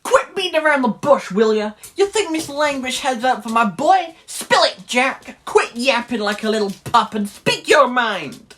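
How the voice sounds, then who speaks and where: A lad doing a blustering old gentleman father. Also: very high voice, animated, a little slow, hardly any pauses, voice pushed up, exaggerated voice. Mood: brash. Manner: pompous, barking.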